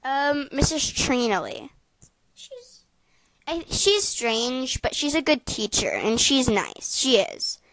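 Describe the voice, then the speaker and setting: Chatty higher-voiced woman, dry sound. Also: big pitch swings, takes it slowly, fairly bright tone, no echo, rough recording. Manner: chatty, hesitant fillers, rating things aloud. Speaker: podcast co-host. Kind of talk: casual podcast chat.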